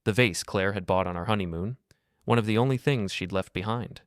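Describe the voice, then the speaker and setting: A middle-aged man narrating a first-person story in a steady, grave, measured way. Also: lowish voice, no echo, studio quality.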